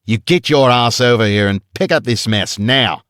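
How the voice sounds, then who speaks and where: A man reading an audiobook and voicing a huge, vicious male guard with an Australian accent who shouts and sneers. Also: mid-range voice, slow pace, smooth, no room sound, studio quality, pitched above the performer's own voice, lightly acted. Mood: bellowing, contemptuous.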